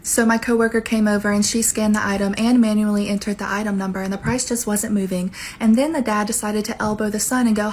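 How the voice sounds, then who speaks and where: Cashier lady telling a funny story fast, sassy deadpan, faint background hum. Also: medium pitch. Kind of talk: comedic storytime.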